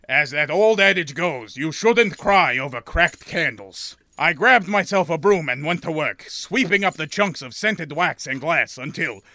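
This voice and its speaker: Fussy formal guy narrating a comedy bit, real bright voice, dead dry mic. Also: a little high, no echo. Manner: prim, overly formal, mock-pompous. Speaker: narrator and shopkeeper.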